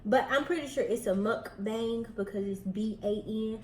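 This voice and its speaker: A woman's voice: a little high, normal speed, roomy sound, slight background noise, poor audio. A young woman with a Southern US accent, a bit out of breath, chatting casually with viewers while eating. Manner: chatty, addresses viewers directly. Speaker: vlogger host.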